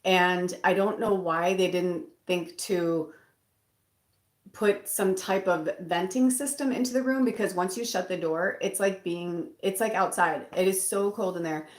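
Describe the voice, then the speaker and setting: A woman's voice: on the low side, steady tone, measured pace. A woman tarot reader chatting casually from her bedroom, rambling with fillers and restarts. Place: bedroom at home. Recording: roomy echo.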